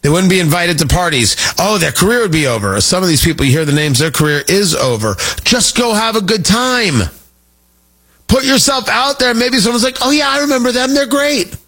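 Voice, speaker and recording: A man's voice: high-pitched, animated, normal speed, a bit bright. A man hosting a radio talk show, talking in an emphatic, sarcastic way about politics.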